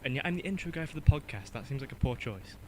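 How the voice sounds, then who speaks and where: A man's voice: medium pitch, animated, fast, a little mellow, slight background noise, rough recording. A man co-hosting a casual podcast, rambling and self-deprecating, laughing at his own jokes. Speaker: podcast co-host and intro guy.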